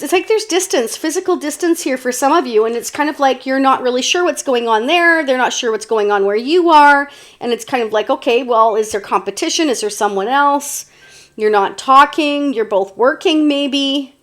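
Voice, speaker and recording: A woman giving a casual, chatty tarot reading to viewers, meandering with many fillers and restarts. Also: sits high. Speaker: tarot reader.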